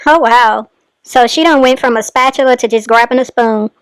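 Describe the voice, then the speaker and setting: A woman commentator with a high, smooth voice, talking in an exasperated, scolding way. The recording is close and dry, with no room sound. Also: moderate pace, dry recording. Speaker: commentary host. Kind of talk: reaction commentary.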